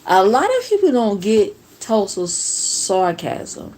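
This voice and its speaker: A woman's voice: mid-range voice, very animated, slow, a little mellow, a little hiss or hum. A woman from New Jersey hosting a casual reaction livestream, talking to viewers in a sarcastic, profane way.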